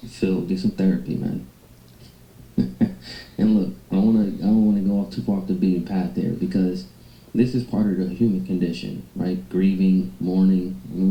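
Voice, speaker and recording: A man's voice: sits low, mellow, roomy sound, poor audio. A man giving blunt, mocking commentary on clips from a livestream. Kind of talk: reaction commentary on stream clips.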